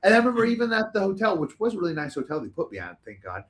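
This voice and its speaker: A man telling casual, animated stories as a talk show guest, rambling with lots of fillers and restarts. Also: high voice, very fast.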